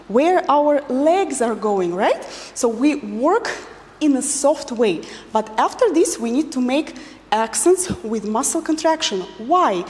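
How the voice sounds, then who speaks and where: Dance teacher lady, high voice, slow and patient, counts out loud, echoey hall. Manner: patient, counts beats aloud while demonstrating. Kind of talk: instructional dance lesson.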